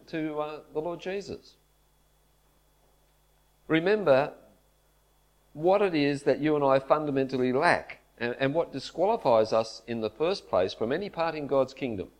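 A man preaching a sermon at a church camp, earnest and measured, leaning into his scripture quotes. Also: on the high side. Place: church camp meeting hall.

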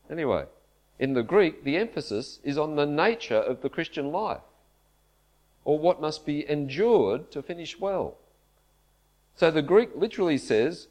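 A man preaching a sermon at a church camp, earnest and measured, leaning into his scripture quotes. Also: on the high side, sing-song, darkish tone. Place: church camp meeting hall.

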